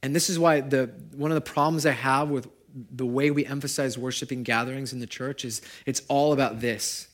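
A man preaching a sermon at a church gathering, talking casually and shifting between loud, animated stretches and hushed, quiet ones. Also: medium pitch, brisk, few pauses. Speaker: pastor.

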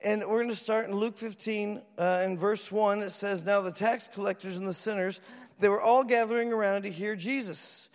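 Pastor, male, high voice, lively storytelling sermon, long hall reverb. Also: moderate pace. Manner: animated storytelling, acts out voices.

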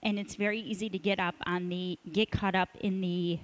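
A woman's voice: on the low side, little pitch movement, moderate pace, low-quality recording. A woman in her thirties, a cheer coach, sharing an encouraging story with a church group. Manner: earnest, encouraging, speeds up when emphatic. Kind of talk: casual testimony sharing.

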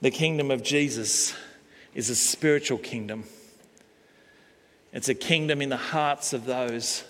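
A male pastor preaching a sermon, slow and emphatic, pausing on key words. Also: medium pitch, a bit bright. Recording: long hall reverb.

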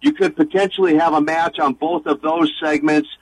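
Earnest man in his sixties, higher voice. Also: fairly even intonation, normal speed, husky, dry recording, low-quality recording. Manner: earnest, eager, with many restarts and long lists. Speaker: guest, former wrestler and minister. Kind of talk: radio interview.

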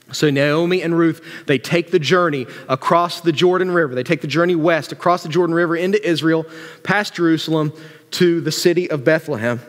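A man preaching a sermon as a pastor, speaking casually and joking while telling the story in an animated way. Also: fairly high pitch, a little fast. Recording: long church-hall reverb.

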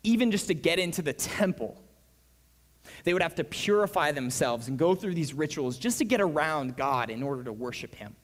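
A man preaching a sermon as pastor, animated, his voice swinging between hushed and loud. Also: a little high, normal speed. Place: church. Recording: reverberant church hall.

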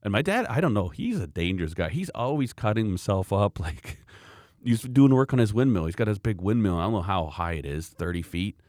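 Man in his forties, podcast co-host; very low voice, close and dry sound, chatty storyteller. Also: expressive, a little fast, a little mellow, no room sound. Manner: rambling anecdotal storyteller, chuckling often. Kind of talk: casual chat.

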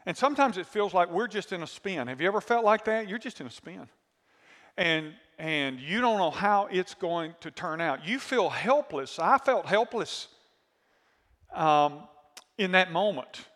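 Pastor, male, bright forceful voice, animated storyteller asking the room questions. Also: a little high, long reverb tail. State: voice worn from screaming. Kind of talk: sermon with storytelling.

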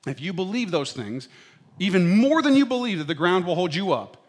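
Middle-aged guy preaching, chatty and playful, kinda high voice that jumps all over. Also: sing-song, a little fast. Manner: conversational preaching with playful asides, checking in with "right?". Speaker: pastor. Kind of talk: sermon.

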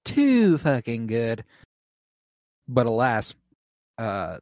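Excitable man recapping, dry close sound. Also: on the low side, no room sound. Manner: excitable, swears often, lots of fillers. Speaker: podcast co-host recapping an episode. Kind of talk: casual chat.

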